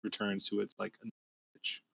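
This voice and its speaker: A man's voice: fairly low pitch, completely flat delivery, unhurried, creaky, sharp tone, dry recording, dull audio. A man narrating a tabletop game as game master, with many fillers and restarts.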